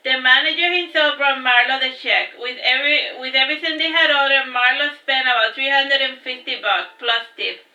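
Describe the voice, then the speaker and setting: Bright-voiced woman reading her own story. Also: high voice, moderate pace, few pauses. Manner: unpolished reading with restarts and slips. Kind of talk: casual reading aloud of her novel. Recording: roomy, distant, dull home recording.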